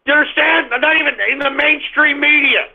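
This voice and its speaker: A man's voice: very high voice, fairly even intonation, fairly quick. Ranting man on a tinny line. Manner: ranting, profane, loud outbursts. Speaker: radio show host. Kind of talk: call-in talk radio monologue. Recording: tinny phone-line sound.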